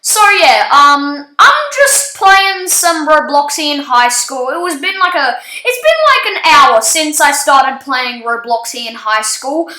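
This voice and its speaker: A woman with a high, bright voice tells a casual story about a game in a slow, halting way, full of ums and restarts. The voice rings around an echoey room. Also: lively intonation. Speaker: gaming channel storyteller. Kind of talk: casual spoken story, recounting an online game.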